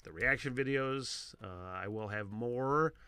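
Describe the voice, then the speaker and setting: On his laid-back solo podcast, a man talks unhurriedly into a close microphone, wandering off topic and cursing freely. He moves from loud, excited bursts to quiet mumbling, with a little hiss or hum in the background.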